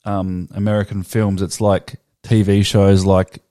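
Australian man, lowish voice, casual chat, rambling, says like a lot. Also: flat delivery, a little slow, mellow. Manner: rambling, full of "like", thinks aloud. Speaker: podcast co-host.

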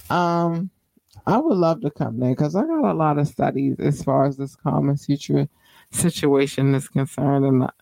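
A woman hosting her own podcast, talking casually in slang and giving affectionate shout-outs to her listeners. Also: low voice, creaky, dry recording, low-quality recording. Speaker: podcast host. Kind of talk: casual solo podcast chat.

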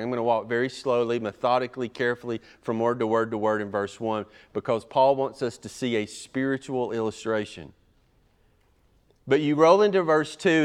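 A pastor delivers an expository sermon methodically and emphatically, his volume rising and falling sharply as he drives points home. His medium-pitched voice is clear and resonant.

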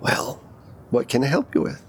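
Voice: moderate pace, slight background noise, close to an everyday voice. A game master voicing a gracious, slightly forgetful older society lady who fusses over her guest. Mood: concerned. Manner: genteel, fussing over guests. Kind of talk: in-character role-play.

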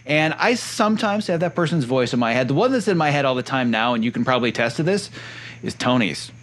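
Guy talking earnestly about personal stuff, lots of "you know", mid pitch. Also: expressive, quick pace, slight background noise. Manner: earnest, reflective, with frequent fillers. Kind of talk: casual podcast conversation.

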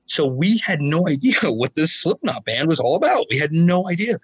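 A man in his forties telling stories casually as a podcast guest, animated and raising his voice to act out quotes. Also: fairly high pitch, moderate pace, husky, dry recording, rough recording. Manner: animated, acts out quotes in raised voice. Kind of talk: casual storytelling.

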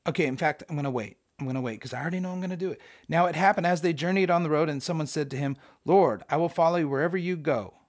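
Guy doing a laid-back bible study, gets worked up and jokes about himself, kinda high voice, dry sound. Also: very fast, hardly any pauses, dry recording. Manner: animated, emphatic, self-deprecating. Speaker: podcast host. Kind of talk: casual Bible study teaching.

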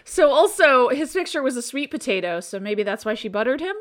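A woman co-hosting a podcast in casual chat, animated and laughing often as she tells stories. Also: high voice, a little fast. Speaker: podcast co-host.

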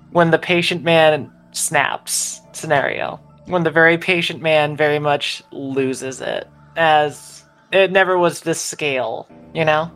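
Low-voiced woman player, thinking out loud, rambly. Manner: searching, rambling with fillers. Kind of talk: casual out-of-character explanation.

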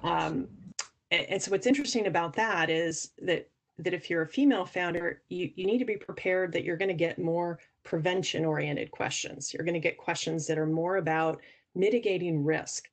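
Woman, low pitch, earnest explainer, interview guest, restarts sentences. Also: moderate pace. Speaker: angel investor guest. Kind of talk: podcast interview answers.

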